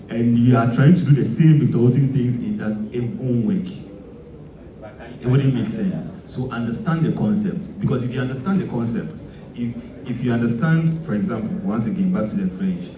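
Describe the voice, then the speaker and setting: A Ghanaian bass player explaining music in a casual, animated teaching talk, full of rhetorical questions. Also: male voice. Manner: animated, mixing quoted voices and rhetorical questions. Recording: echoey room, mic from far off, noisy.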